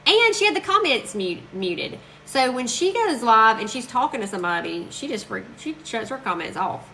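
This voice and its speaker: A woman's voice: fairly high pitch, big pitch swings, sharp tone, slight background noise, rough recording. A woman chatting casually and gushing to viewers while crafting on a live stream. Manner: chatty, gushing, quick to laugh.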